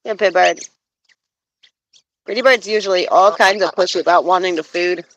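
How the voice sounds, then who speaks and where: A woman's voice: fairly low pitch, normal speed. A young woman live-streaming outdoors by phone, cooing in baby talk to her pet geese and chatting to viewers. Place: outdoors with geese and other animals.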